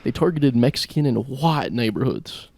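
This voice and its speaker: A young man with a gravelly, fry-edged voice at a middle pitch, riffing through crude deadpan jokes on a podcast. He laughs between lines. The sound is dry and close. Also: normal speed, no room sound. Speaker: podcast co-host. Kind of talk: casual comedic podcast banter.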